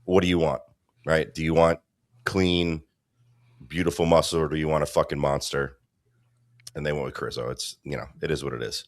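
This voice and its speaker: A man's voice: very deep voice, fairly even intonation, moderate pace, pauses often, dry recording, clean studio sound. A man co-hosting a casual podcast, giving blunt, opinionated takes and swearing casually. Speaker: podcast co-host.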